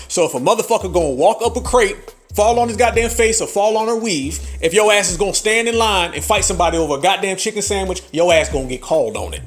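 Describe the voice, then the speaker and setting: A man hosting a podcast, delivering a brash, profane comedic rant full of laughter. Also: high-pitched. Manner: brash, laughing, heavy swearing. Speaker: podcast host.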